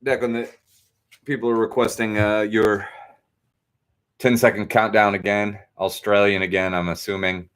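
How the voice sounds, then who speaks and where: A man's voice: on the low side, little pitch movement, normal speed, pauses often, a bit bright, clear, resonant tone. Easygoing young man hosting trivia night. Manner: easygoing, reads answers out with asides and self-corrections. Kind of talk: casual live trivia hosting.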